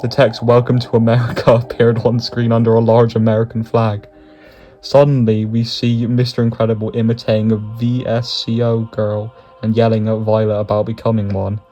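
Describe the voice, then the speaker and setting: A man's voice: medium pitch, monotone, normal speed, warm tone, faint music behind. A man giving comedic scripted narration, swearing often and chuckling through his lines. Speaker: YouTube narrator.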